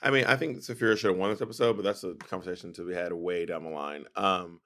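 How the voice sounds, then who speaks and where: A man's voice: low-pitched, steady tone, fast, pushed and bright. A man co-hosting a casual recap podcast, explaining plots at length with sassy, emphatic asides. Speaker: podcast co-host.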